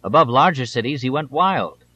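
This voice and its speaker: A man narrating an audiobook in a measured, steady reading style, in a slightly dull audiobook recording. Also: medium pitch, slight background noise. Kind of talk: scripted narration.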